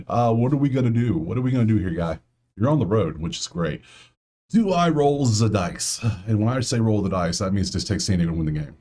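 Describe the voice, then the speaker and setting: A man's voice: fairly low pitch, a little mellow. A man hosting a casual solo sports betting breakdown, talking straight to players and viewers with grumbling asides.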